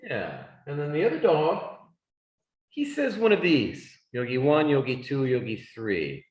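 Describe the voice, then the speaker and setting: A man teaching an English class, speaking slowly and deliberately for students. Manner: slow, deliberate speech with lively pitch swings. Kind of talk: classroom lesson. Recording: echoey classroom sound.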